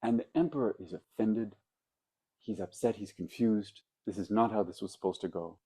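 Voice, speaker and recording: A man, a Zen teacher, giving a dharma talk, telling stories in a reflective way with pauses. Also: lowish voice, warm tone, breathy edge.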